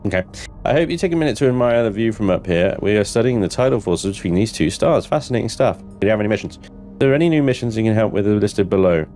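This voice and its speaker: Man, gameplay commentary, low voice, chatty, quick laughs, faint music behind. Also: lively intonation, mellow. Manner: chatty, laughs often, reads game text aloud. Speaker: gamer streaming his play.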